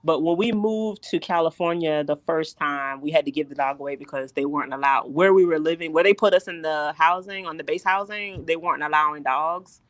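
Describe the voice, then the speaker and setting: A woman in her thirties chatting casually on a podcast, telling animated, exasperated stories. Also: low voice, brisk, hardly any pauses, dry recording. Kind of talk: casual chat.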